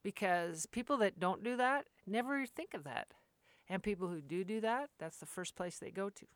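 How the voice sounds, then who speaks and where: A woman's voice: medium pitch, lively intonation, normal speed, no room sound. A woman dog trainer talking in a casual, rambling monologue, earnest and full of restarts.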